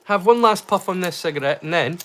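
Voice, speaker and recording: A man's voice: high-pitched, expressive, fairly quick, sharp tone. A man with a Scottish accent, hosting a casual livestream and chatting in a rambling way, full of restarts and slang. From Scotland. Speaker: livestream host. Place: home in rural Scotland.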